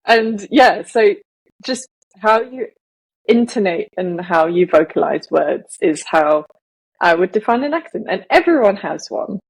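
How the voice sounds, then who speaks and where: A woman's voice: mid-range voice, expressive, measured pace, creaky, husky, rough recording. A woman raised in Malaysia who speaks with a Southern English accent, co-hosting a casual podcast in a rambling way with frequent laughs. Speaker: podcast co-host.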